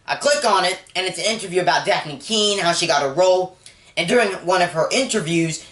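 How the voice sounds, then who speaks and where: A man's voice: on the high side, a bit bright. A man casually retelling a film scene by scene, rambling with many fillers. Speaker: movie reviewer. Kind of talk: casual spoken movie recap. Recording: echoey room.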